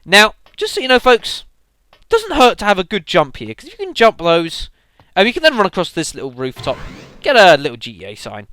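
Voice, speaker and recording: A man's voice: high-pitched, wildly swooping pitch, a little fast, bright, forceful tone, dry recording. A man giving casual gameplay commentary, rambling with lots of fillers and addressing the audience as folks. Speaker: let's play commentator.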